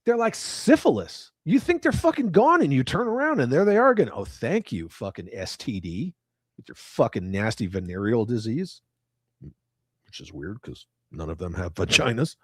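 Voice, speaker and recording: A man's voice: mid-range voice, big pitch swings, moderate pace, fairly bright tone, slightly rough, no echo, clean studio sound. A middle-aged man hosting a casual livestream, ranting with heavy profanity and reading chat messages aloud. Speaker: livestream host.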